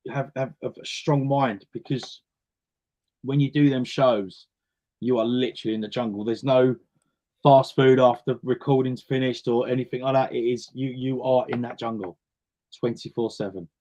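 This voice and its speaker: A man's voice: mid-range voice, steady tone, normal speed, mellow. A man, talking casually as a guest in an interview and acting out the voices of the people in his stories. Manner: chatty storyteller, acts out quoted voices. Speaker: guest singer.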